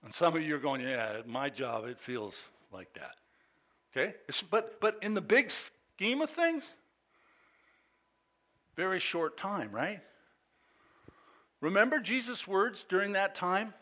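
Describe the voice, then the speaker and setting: Male pastor, sermon delivery, slow and bright-toned, swells when reading scripture. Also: high-pitched. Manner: reads scripture with rising intensity, conversational asides to congregation.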